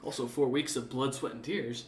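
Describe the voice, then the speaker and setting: A man's voice: mid-range voice, steady tone, normal speed, roomy sound, recorded from a distance, a little hiss or hum. A man narrating as game master of a tabletop role-playing game, chatty and laughing, with many fillers.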